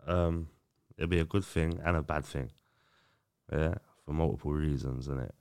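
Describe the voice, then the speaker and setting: A man, a podcast guest talking in a relaxed, slangy way. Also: very deep voice, moderate pace, smooth, no echo, clean studio sound. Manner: relaxed, slangy, lots of agreeing fillers. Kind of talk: casual chat.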